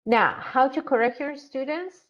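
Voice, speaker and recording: A woman's voice: high-pitched, normal speed. A woman leading a grammar teaching workshop for English teachers, repeating her phrases and acting out short teacher and student exchanges. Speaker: ESL teacher trainer. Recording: dull lo-fi sound.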